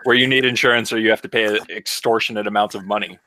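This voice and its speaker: A man's voice: fairly low pitch, fairly even intonation, fast talker, pushed and bright. A man co-hosting a podcast, telling an exasperated, profane story in casual chat. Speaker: podcast co-host.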